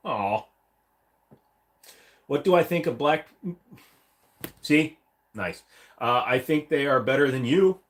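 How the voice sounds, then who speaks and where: A man chats loosely with his livestream viewers from a room at home, joking and rambling from one subject to the next. His voice sits at a middle pitch and swings widely up and down as he talks, often jumping into goofy put-on voices. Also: animated, slow, long pauses. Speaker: livestream host. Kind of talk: casual livestream chat with viewers. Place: home room, seated against a wall.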